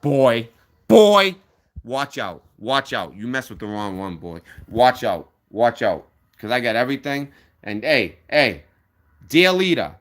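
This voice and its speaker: A man's voice: medium pitch, fairly bright tone. A man hosting a livestream, ranting in a heated, profane and threatening way, repeating himself. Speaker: livestream host. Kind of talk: angry livestream rant.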